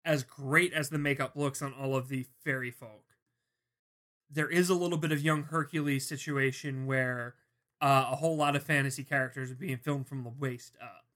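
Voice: mid-range voice, steady tone, moderate pace, fairly bright tone. A podcast co-host talking in a laid-back, chatty and wry way. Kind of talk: casual chat.

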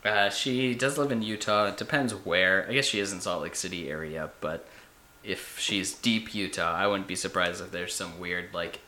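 A man's voice: deep voice, normal speed, sharp tone, roomy sound. A young man hosting a casual podcast, chatty and rambling, joking with his guests. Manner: chatty, rambling, laughs at himself. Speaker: podcast host.

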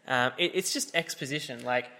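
A man's voice: mid-range voice, fairly quick, creaky, sharp tone, big-room sound. A tired man co-hosting a casual film review chat, hesitant and fond of acting out scenes. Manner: hesitant, quotes scenes in acted voices. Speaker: podcast co-host.

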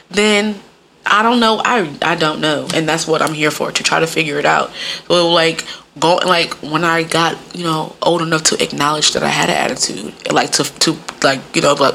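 A woman telling frank, profane stories in casual chat, full of fillers and sudden jumps in pitch. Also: expressive, normal speed, fairly bright tone, slight background noise. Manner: frank and profane, many fillers like "like" and "you know". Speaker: podcast guest or co-host.

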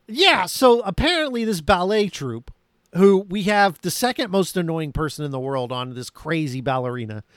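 A man co-hosting a casual movie review podcast, animated and sarcastic, laughing often. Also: high-pitched, moderate pace, clean tone, no room sound, clean studio sound. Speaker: podcast co-host.

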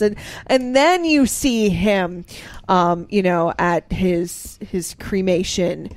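A woman's voice: mid-range voice, slow, no echo. Chatty woman recapping a movie. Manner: animated retelling with many fillers. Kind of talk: casual movie discussion.

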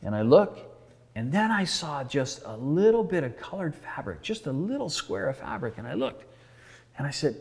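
A man's voice: on the high side, big pitch swings, moderate pace, gravelly, darkish tone, breathy edge. A male pastor tells a story in his sermon, earnest and conversational, acting out the dialogue. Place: church sanctuary. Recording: reverberant church hall.

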